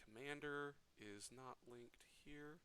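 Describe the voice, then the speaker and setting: A man working as game master, narrating a tabletop game in an unhurried, animated way. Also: a little high, a little hiss or hum.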